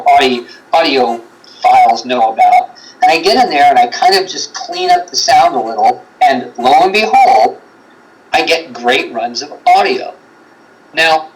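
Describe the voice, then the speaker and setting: Man, talk show guest, rambling storyteller, very lively pitch, acts out quotes. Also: poor audio. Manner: rambling, with lots of fillers and acted-out quotes. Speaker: guest, paranormal investigator. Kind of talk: animated storytelling in a livestream chat.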